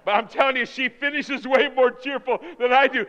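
High-voiced excitable male preacher, echoing hall. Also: fairly quick, lo-fi sound. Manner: excitable, swings from loud whoops to near whispers. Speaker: pastor. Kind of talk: sermon. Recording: reverberant hall sound.

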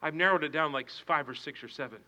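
A male pastor preaching a sermon with passion, swinging from hushed to shouting and repeating his phrases. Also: a little high, fast, a little hiss or hum, rough recording.

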